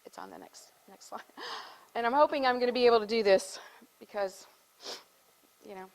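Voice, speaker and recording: A woman's voice: a little high, wildly swooping pitch, normal speed, poor audio. Choked-up woman speaking from the heart. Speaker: guest speaker. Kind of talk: emotional speech at an event.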